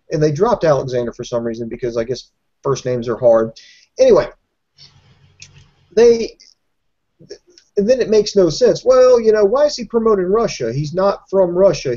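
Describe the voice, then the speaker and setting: A man's voice: a little high, dark tone, highs cut off. A man co-hosting a casual wrestling podcast who rambles and swears with sarcastic asides. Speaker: podcast co-host.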